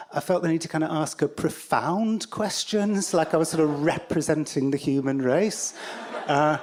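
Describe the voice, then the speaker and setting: A man's voice: on the high side, darkish tone. Wry English storyteller man. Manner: wry, self-deprecating, stop-start phrasing. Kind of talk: live personal storytelling.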